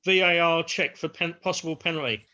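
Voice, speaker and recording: A man's voice: fairly high pitch, steady tone, fairly quick, bright, forceful tone. A middle-aged man on a live football panel, chatty, reading out forum posts. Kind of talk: live match chat. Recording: lo-fi home audio.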